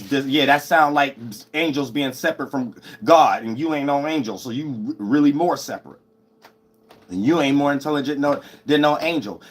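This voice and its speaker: Profane, scolding preacher man. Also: medium pitch. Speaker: self-styled preacher. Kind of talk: late-night livestream sermon.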